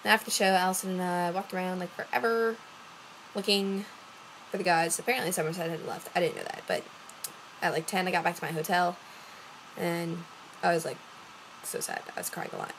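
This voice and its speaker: A woman's voice: lowish voice, fairly even intonation, brisk, long pauses, a bit bright, slight background noise, poor audio. A young woman from Louisiana telling a long story to her camera, rambling with lots of fillers and acting out what others said. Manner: rambling, acts out quoted voices, many fillers. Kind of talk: casual storytelling vlog.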